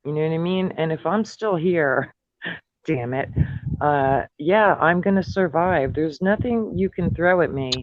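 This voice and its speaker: A man in his fifties speaks with a somewhat high voice, earnest and a little defiant. He chats casually over a dull, lo-fi online call. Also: a little slow, no echo. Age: 50s. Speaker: chat participant. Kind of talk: casual group voice chat.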